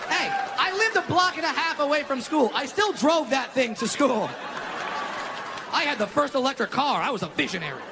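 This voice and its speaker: A man performing a stand-up set who shouts his punchlines. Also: extremely high pitch, lively intonation, normal speed, big-room sound, crowd noise, background noise. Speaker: stand-up comedian. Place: comedy club stage.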